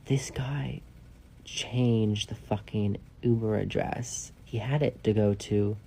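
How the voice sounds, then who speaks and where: Gravelly rambling man telling a story. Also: lowish voice, level tone, slow, slight background noise. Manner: rambling, profane, heavy use of "like"; drops to a hushed whisper for asides. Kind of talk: casual storytime.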